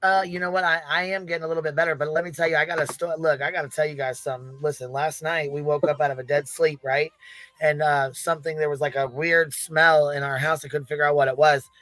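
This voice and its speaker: Livestream host, woman, easygoing, flat and dry. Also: low-pitched, fast, dry recording. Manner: relaxed storytelling, agreeable. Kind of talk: casual livestream chat.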